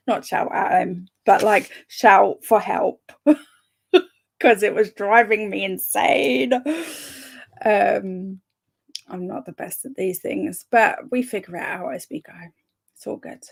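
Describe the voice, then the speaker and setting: A young woman hosts a live reading-sprint stream, chatting casually and reading viewers' comments aloud. Her medium-pitched voice is slow with vocal fry and frequent pauses. She's bubbly, laughs often, and trips over her words now and then.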